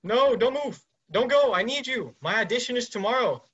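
A man's voice: very high-pitched, animated, moderate pace, fairly bright tone, husky, muffled recording, heavily acted. A man reading a dim young male actor who stays bluntly clueless, over a video call. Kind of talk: amateur scene reading.

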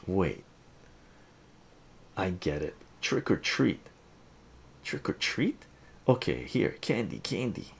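A man reading a comic book aloud in a slow, lively manner, with quiet asides between the panels. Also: deep voice, gravelly, breathy edge. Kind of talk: softly read comic narration.

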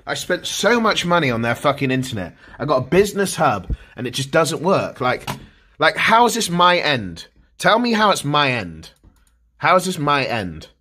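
A man's voice: fairly high pitch, fairly bright tone, breathy edge. A man livestreaming, ranting in exasperation about his internet, swearing constantly and repeating himself. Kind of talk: frustrated livestream rant.

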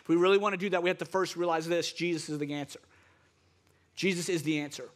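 A man's voice: a little high, steady tone, fast. A male pastor preaching a sermon with impassioned, repetitive exhortations.

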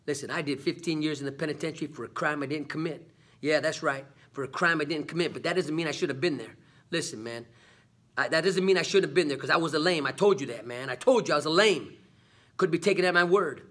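Husky high-voiced man preaching. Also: quick pace, fairly bright tone. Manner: preachy, repeats "man" and "come on"; call-and-response questions. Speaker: vlog host. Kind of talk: motivational talk to camera.

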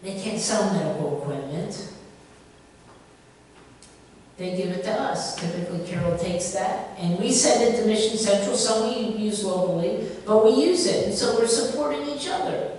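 A woman pastor preaches in a relaxed, talky way, often tossing rhetorical questions at her congregation. Her voice sits in a middle pitch and comes from some distance off. A long reverb fills the large church space around her. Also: moderate pace, a little hiss or hum. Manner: conversational, animated, asks rhetorical questions. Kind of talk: sermon. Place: church sanctuary. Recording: echoey church hall from far off.

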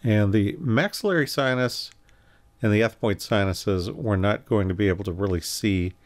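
A man giving a recorded anatomy lecture, calmly explaining and pointing through slides with occasional self-corrections. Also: on the low side, normal speed. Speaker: anatomy instructor.

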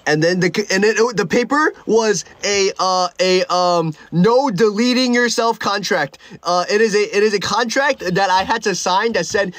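A man's voice: high-pitched, lively intonation, unhurried, a bit bright. A young man on a livestream, telling a story in a rambling casual way, restarting and repeating words often. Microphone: own streaming mic.

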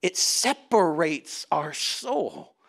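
A pastor delivering a sermon in a fairly high voice for a man. He talks to the congregation in a conversational way, swinging from a near hush to loud, driving emphasis. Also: big pitch swings, extremely slow, gravelly. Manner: dramatic swings between loud and hushed; conversational, addresses congregation directly.

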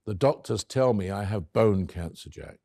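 A man quoting a frank, gently teasing woman in a hospital bed, speaking softer and lower than his narration. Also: lively intonation, moderate pace, husky, no room sound. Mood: teasing, tender.

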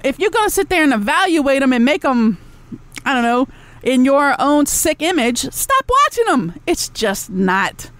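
A podcast host with a high, expressive female voice speaks at normal speed, ranting solo in a blunt, sarcastic way. She swears a lot and keeps talking back to her chat room with asides.

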